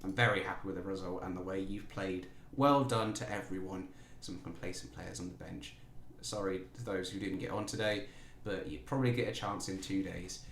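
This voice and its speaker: A man's voice: lowish voice, slight background noise. A man giving casual, jokey let's-play commentary, talking playfully to his players. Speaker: gaming YouTuber. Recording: roomy echo.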